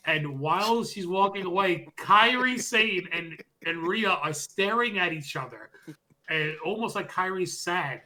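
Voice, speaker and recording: A man co-hosting a podcast, casually recapping wrestling and loudly acting out the quotes as he goes. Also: sits high, a little slow. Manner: animated storytelling, acts out quotes loudly. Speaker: podcast co-host.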